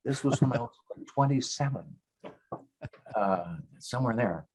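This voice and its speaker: A man's voice: medium pitch, expressive, normal speed, noisy background. A man in his eighties, a guest actor, telling rambling wry anecdotes in a casual interview. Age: 80s. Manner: many fillers and restarts.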